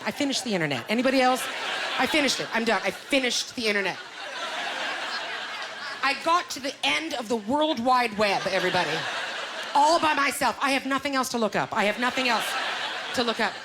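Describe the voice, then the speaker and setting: A woman from Canada in her thirties performing a stand-up comedy set on a club stage, loud and animated, exclaiming at the crowd. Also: a little high, fairly quick, long pauses. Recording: live stage recording with audience noise.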